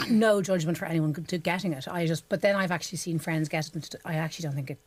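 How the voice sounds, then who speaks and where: A woman's voice: lowish voice, fast talker, no room sound. A woman, co-hosting a podcast and telling frank, sweary stories about herself. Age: 40s. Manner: frank, sweary, confessional storytelling. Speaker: podcast co-host. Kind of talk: casual chat.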